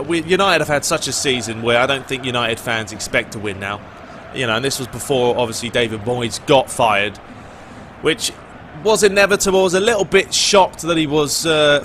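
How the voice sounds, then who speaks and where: A young British man, a gaming YouTuber, answering viewer questions in a relaxed, rambling chat. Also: mid-range voice, slight background noise. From Britain. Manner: relaxed, rambling, lots of "you know" and "uh". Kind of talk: casual Q&A chat.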